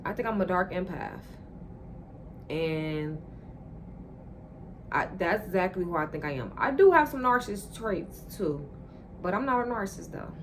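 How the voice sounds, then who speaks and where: A woman telling a personal story straight to her viewers in a casual, animated and profane monologue. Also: on the low side, normal speed, long pauses, slight background noise. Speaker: vlogger.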